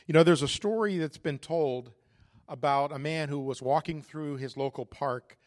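A man delivers a sermon at a conference in a relaxed, conversational way, with jokes and plenty of ums and uhs. His voice sits a little on the high side for a man. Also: moderate pace. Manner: conversational, joking, frequent fillers. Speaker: conference speaker. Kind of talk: sermon with prayer and humor.

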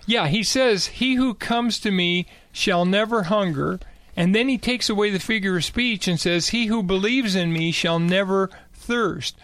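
A man's voice: sits high, measured pace, fairly bright tone, dry recording. An older man co-hosting a casual Bible discussion, talking emphatically and repeating key words for stress. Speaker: co-host.

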